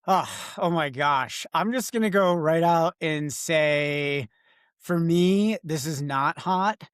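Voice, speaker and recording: Male podcast co-host, playful banter, slightly high voice, dry sound. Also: fairly bright tone, clear, resonant tone, dry recording. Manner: playful teasing, quick to laugh. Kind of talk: casual podcast chat.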